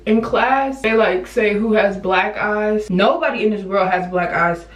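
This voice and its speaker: A woman's voice: medium pitch, unhurried. Chatty young woman in a roomy space. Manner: chatty, playful, rambling asides. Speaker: beauty vlogger. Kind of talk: casual makeup tutorial chat. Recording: roomy, slightly distant.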